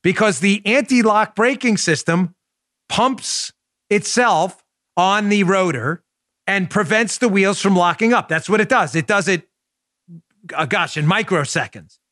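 At a measured pace, a forceful forties-aged man hosting a podcast lays out his political views with pointed rhetorical questions and loud stress on key words. He has a Queens, New York accent, and his slightly high-pitched voice is captured dry, echo-free, and up close on a studio mic.

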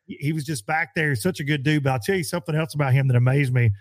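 A man chatting on a podcast, telling a fishing story with lively acted-out quotes. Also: quick pace, dry recording, studio quality. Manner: animated storyteller, acts out quotes in a high voice. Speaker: pro bass angler. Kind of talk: casual podcast chat.

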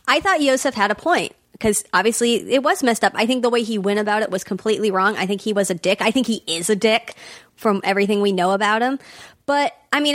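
A woman's voice: medium pitch, no room sound, studio quality. A woman co-hosting a podcast, giving frank opinions in casual chat.

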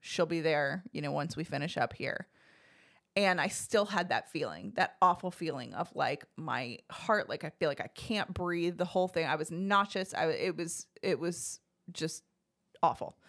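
A woman's voice: low-pitched, normal speed. A woman co-hosting a podcast, chatting casually as she tells a personal story and acts out what others said. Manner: chatty, animated, acts out quoted voices. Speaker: podcast co-host telling her birth story.

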